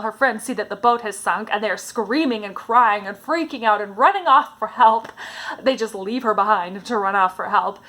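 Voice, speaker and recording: A woman, a vlogger and stage actress, chatting casually to camera and retelling favourite scenes with animated enthusiasm. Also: fairly high pitch. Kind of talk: casual storytelling chat to camera.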